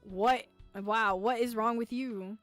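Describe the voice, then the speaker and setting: A woman streamer with a slightly high voice reads a visual novel aloud in a playful, giggly way. She keeps breaking off to talk back to the characters and tease them. Soft game music plays faintly behind her. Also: fairly even intonation, slow pace, no echo. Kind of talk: let's play, reading a visual novel aloud.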